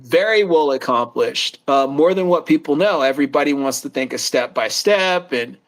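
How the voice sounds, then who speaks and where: High-voiced man telling a rambling story. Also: lively intonation, moderate pace. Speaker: co-host. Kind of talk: casual chat.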